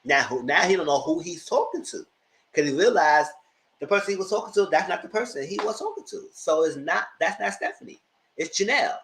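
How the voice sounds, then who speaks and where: Talking fairly quickly over a rough recording with a little hiss or hum, a man reviews a reality TV episode. His recap is casual and dramatic, full of laughter and quotes performed in high-pitched outbursts.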